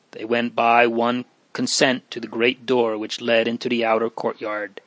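A man reading a story aloud in a slow, measured, hushed and solemn manner. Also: medium pitch, completely flat delivery, no room sound. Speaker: narrator. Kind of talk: audiobook reading.

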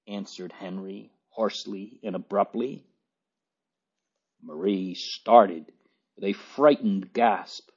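A man narrating a storybook aloud in a measured way, on a dull lo-fi recording. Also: on the low side, a little mellow, husky. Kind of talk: audiobook narration.

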